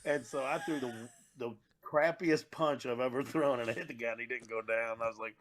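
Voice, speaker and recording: A man hosting a podcast speaks in a bright, forward voice at a middle pitch. He tells his anecdotes briskly and throws in quick asides, in a casual chat. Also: little pitch movement. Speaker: podcast host and comedian.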